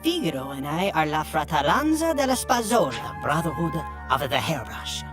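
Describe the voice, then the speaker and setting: Brief: loud, theatrical cartoon barbers, wide swooping pitch. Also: male voice, huge pitch swings, normal speed. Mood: secretive. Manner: boisterous, bickering, theatrical. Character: two excitable vegetable barber brothers, middle-aged men. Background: background music.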